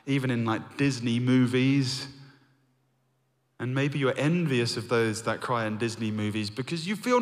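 A man preaching a sermon, earnest, rising to emphatic points and then dropping to hushed, reflective lines. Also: on the low side. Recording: long hall reverb.

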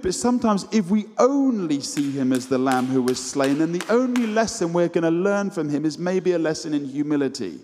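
A man preaching a sermon, telling stories earnestly and dropping to a low hush at the end. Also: expressive, moderate pace, slight background noise. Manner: storytelling, earnest, drops to a low hush at the close. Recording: echoey hall reverb.

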